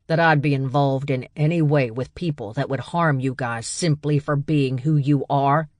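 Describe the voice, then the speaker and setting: A woman voicing a gruff young man who speaks low and restrained in an audiobook. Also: steady tone, moderate pace, darkish tone, dry recording, clean studio sound. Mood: growling.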